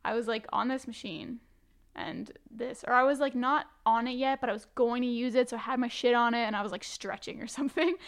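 A young woman guest on a podcast, chatting casually and telling a story with lively acted-out quotes and plenty of swearing. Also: on the high side, brisk. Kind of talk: casual chat.

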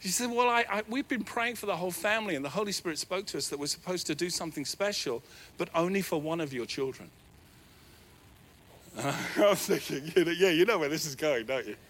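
A middle-aged New Zealand pastor preaches in a church, telling a story with animated, self-deprecating humor. His voice sits high for a man and comes across bright and forward. A faint hiss runs under the recording. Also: a little fast. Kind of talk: sermon. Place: church hall.

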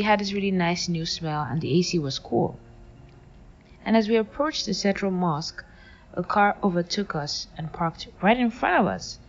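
Wry young woman telling her story. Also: on the low side. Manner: wry, animated retelling with acted quotes. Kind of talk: personal storytelling. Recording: lo-fi with faint music.

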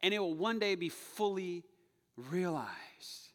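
A male pastor delivers a sermon in a high, bright voice that leaps up and down in pitch. He moves from loud, playful hype to soft, hushed calm. The sound carries a long reverb, as if filling a big church hall. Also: takes it slowly.

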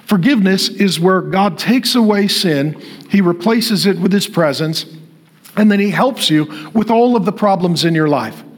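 High-voiced man preaching a sermon. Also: expressive, moderate pace. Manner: repetitive rhetorical preaching, builds to emphatic declarations. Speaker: pastor.

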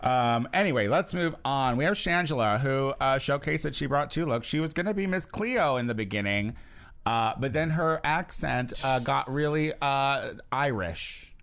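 A man hosting a casual podcast chat, filling his talk with "uh" and quick laughs. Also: mid-range voice, expressive, gravelly, fairly bright tone, clean tone. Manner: chatty, lots of fillers and quick laughs. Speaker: podcast host.

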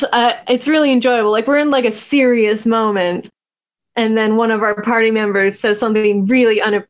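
A soft-spoken woman being interviewed on a podcast, chatting casually with frequent laughs and restarts. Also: on the high side. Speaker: podcast guest, new tabletop gamer.

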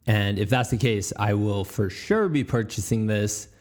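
A man's voice: on the low side, unhurried, a little mellow. A man hosting a podcast, chatting casually, rambling and stumbling over his words and laughing easily. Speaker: podcast host.

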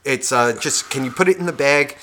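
A man co-hosting a podcast, telling a profane story in a casual, animated way and acting out the people in it. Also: medium pitch, a little fast, slight background noise. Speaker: podcast co-host.

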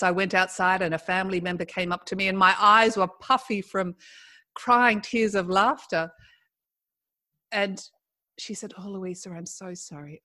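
A woman's voice: mid-range voice, pushed and bright. A middle-aged woman, a guest in a casual conversation, telling a personal story animatedly and laughing as she goes.

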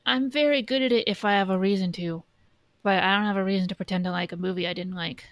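A woman's voice: mid-range voice, fast, no room sound. Blunt, sweary woman podcaster. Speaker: podcast co-host. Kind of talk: casual chat.

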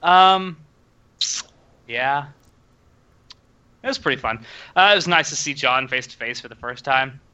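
A young man hosting a casual podcast chat, animated and laughing often. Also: medium pitch, measured pace, long pauses, smooth, lo-fi sound. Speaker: podcast host.

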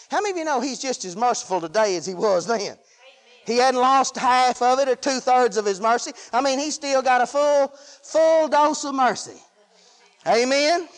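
A man preaching a sermon in a folksy way, swinging between shouted lines and hushed asides. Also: very high-pitched, normal speed. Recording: long hall reverb.

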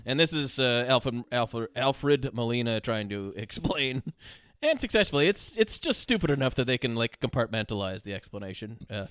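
Man, podcast co-host, casual chat, lively pitch, bright voice, dry close mic. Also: moderate pace, clean tone, no room sound. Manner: rambling, animated, laughs often. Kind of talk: casual movie-review chat.

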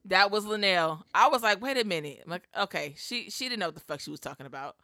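Heavy background noise sits behind a medium-pitched woman who talks fast and animatedly. In her thirties, she co-hosts a podcast in casual, blunt, profane conversation, cracking jokes often, her mouth close to the studio microphone.

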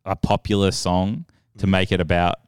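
A young adult comedian from Western Sydney with an Australian accent, telling stories and laughing through a casual chat. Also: male voice, deep voice, normal speed, smooth, dry recording, studio quality. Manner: laughing, animated storytelling.

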